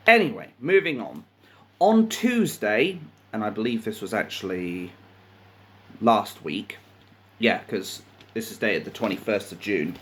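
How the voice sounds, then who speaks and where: A husky man delivers slow, drawn-out commentary on news stories, swearing as he goes. His outbursts spike loud and high, then drop into grumbled asides. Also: expressive. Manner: profane, indignant ranting with swings between loud outbursts and muttered asides. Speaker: commentary channel host. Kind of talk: angry commentary reading news articles aloud.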